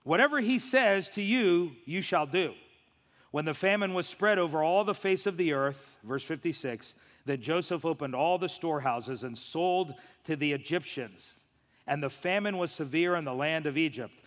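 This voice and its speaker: A man's voice: on the high side, animated, normal speed, fairly bright tone. A man preaching an expository sermon with emphatic delivery and rhetorical questions. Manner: emphatic, rhetorical questions, acts out quoted voices. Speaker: pastor. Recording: reverberant hall.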